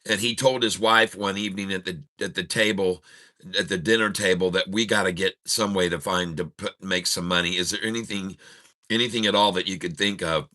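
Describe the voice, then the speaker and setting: A man's voice: low-pitched, fairly even intonation, brisk, pushed and bright. A man hosting a trading channel, telling a long joke in a rambling, casual way with many restarts before turning to market talk. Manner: rambling storyteller, laughs at own jokes. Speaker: day-trading channel host.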